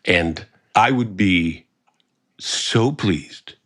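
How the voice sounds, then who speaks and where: Bright-voiced enthusiastic male podcast host. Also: sits low, expressive, drawn-out words. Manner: enthusiastic storyteller, eager. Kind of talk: casual chat.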